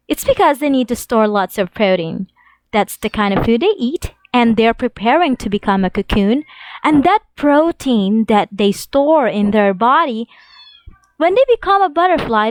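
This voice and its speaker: A woman teaching an English lesson to young children, reading examples slowly in an exaggerated sing-song way. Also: on the high side, animated, dry recording.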